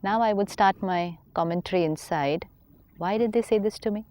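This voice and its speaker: A woman speaks in a mellow, softly rounded voice at a middle pitch. She explains things calmly and patiently, as a spiritual teacher on a counselling talk show. She often acts out little inner dialogues as she talks. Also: normal speed.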